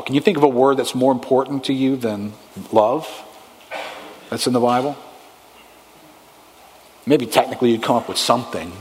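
A man preaching a sermon as pastor, emphatic, pushing stressed words up high and then dropping low. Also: big-room sound. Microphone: handheld or headset microphone.

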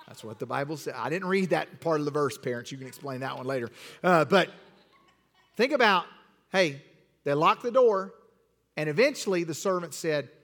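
An animated man teaching children, his voice bright and full of ups and downs. He acts the story out and steers the kids with quick, repeated commands. A long reverb from the large hall follows every word. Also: fairly high pitch, a little hiss or hum. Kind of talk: interactive acted-out Bible lesson.

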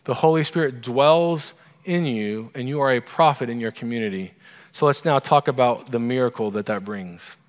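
Man, pastor, casual sermon, asks the congregation questions, mid pitch, long hall reverb. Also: normal speed. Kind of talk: conversational sermon.

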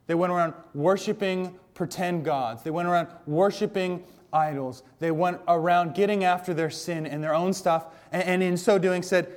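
A man preaching a sermon as a pastor, telling the stories in a conversational, animated way. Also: sits high, a little fast.

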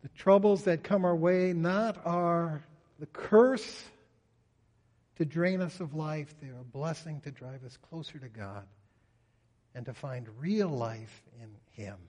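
A man's voice: a little high, slow, darkish tone. A man preaching a sermon in an earnest way, often voicing a psalmist's pleas in prayer. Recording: reverberant hall.

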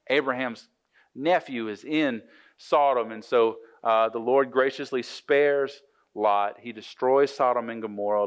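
A man preaching a casual sermon, retelling scripture in a joking, conversational way with frequent restarts. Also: medium pitch.

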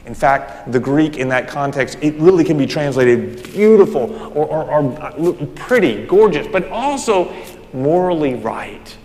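Male pastor, animated sermon delivery, slightly high voice, long church reverb. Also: measured pace. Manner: animated, emphatic preaching with restarts. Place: church sanctuary. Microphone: handheld or stand microphone.

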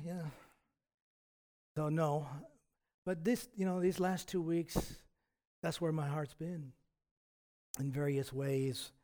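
A man with a slightly higher-than-usual voice delivers a sermon as a pastor. His preaching is reflective and conversational. He often stumbles and restarts mid-phrase as he works through his points. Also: mellow.

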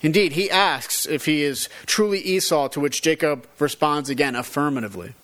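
A man's voice: a little high, normal speed, fairly bright tone. A man reading a Bible passage aloud and then explaining it verse by verse as a teacher, giving the quoted dialogue rising and falling emphasis. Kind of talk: scripture reading and commentary.

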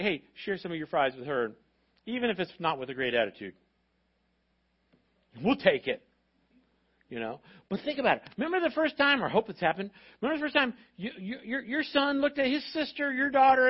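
A man with a high-pitched voice preaches to a congregation in an animated, expressive way and slips into voices of parents and of God. The recording sounds dull and lo-fi, as if captured from the stage of a church auditorium. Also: brisk. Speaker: pastor. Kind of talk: sermon.

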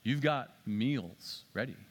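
A man preaching a sermon as a pastor, conversational and self-mocking, with jokes, swinging between loud emphatic bursts and low quiet stretches. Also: animated, takes it slowly.

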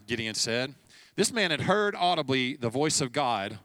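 A man preaching a sermon as pastor, telling stories in a relaxed, conversational way and acting out bits of dialogue. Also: medium pitch, moderate pace, no echo. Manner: conversational storytelling, acting out dialogue with light laughs.

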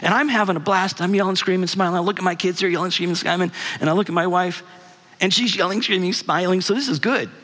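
A middle-aged man delivers a guest sermon, talking to the congregation like a friendly storyteller who stops to ask them questions. His voice sits a bit high and sounds bright. A long reverb from the hall trails after his words. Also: quick pace. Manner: conversational storyteller, asks the audience questions. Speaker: guest speaker.

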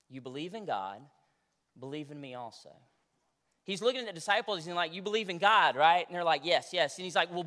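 A male pastor preaches with lively energy, pulling the room into call-and-response. His voice sits high and rings bright and forceful. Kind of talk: sermon.

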